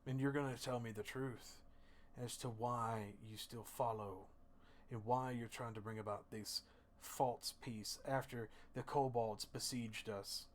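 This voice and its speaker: A man voicing a threatening male jailer and inquisitor in a tabletop game, speaking quietly and slowly. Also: medium pitch, steady tone, slight background noise, close to an everyday voice. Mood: quiet menace.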